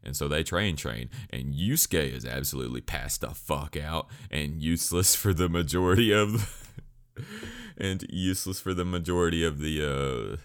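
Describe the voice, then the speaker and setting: A man's voice: a bass voice, normal speed, clean tone. A man rambling casually through an anime review, joking and swearing as he goes.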